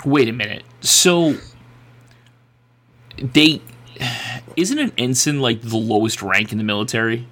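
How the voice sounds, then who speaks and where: A man's voice: medium pitch, a little slow, long pauses, a bit bright. Brash, profane joking man. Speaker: podcast co-host. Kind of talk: casual podcast banter.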